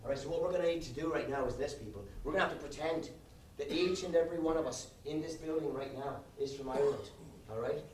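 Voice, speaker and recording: A man with a fairly high voice works a live crowd with a guitar, ribbing the audience and checking in with "all right?" at every turn. He sounds a little off-mic in a roomy venue, with guitar music playing behind him. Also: fast talker, far from the mic, a little hiss or hum. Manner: teasing the crowd, ends lines with "all right?". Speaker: comedic performer. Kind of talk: live comedy set with guitar.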